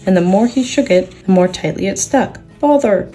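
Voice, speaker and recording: A woman gently and expressively reading a children's book aloud, with soft guitar music behind. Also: mid-range voice, fairly quick. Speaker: storyteller and sculptor.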